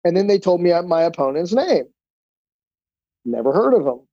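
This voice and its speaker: A man's voice: high voice, big pitch swings, moderate pace, mellow, no echo, muffled recording. A man, a jiu-jitsu instructor on a podcast, telling stories casually with loose, profane talk and many fillers. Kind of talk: casual storytelling.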